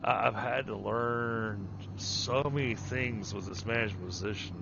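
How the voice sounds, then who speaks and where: A man chats casually while he plays, rambling, restarting sentences and poking fun at himself. His voice comes through a dull, lo-fi mic with steady noise behind it. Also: fairly low pitch, normal speed, vocal fry. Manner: self-deprecating, rambling with restarts. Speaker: streamer and project manager. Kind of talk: casual chat while gaming.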